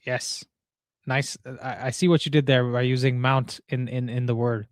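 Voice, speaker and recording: A young man hosting a live football watchalong, talking excitably to chat in slangy casual speech. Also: medium pitch, moderate pace, dry recording, studio quality. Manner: excitable, slangy, frequent "bro" and "dude". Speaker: watchalong host.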